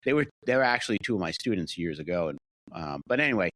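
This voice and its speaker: Older fire-captain type with a Rhode Island–Massachusetts accent; loose, restart-heavy storytelling, dry and close. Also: male voice, deep voice, sing-song, quick pace, fairly bright tone, no echo. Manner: rambling, many restarts and "you know". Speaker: guest, fire captain and author. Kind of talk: casual interview storytelling.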